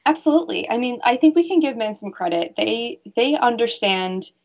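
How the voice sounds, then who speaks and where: A woman's voice: fairly high pitch, animated, normal speed, creaky, dull audio. A woman who works as a bra fitter, talking earnestly in a casual interview and telling stories with animation.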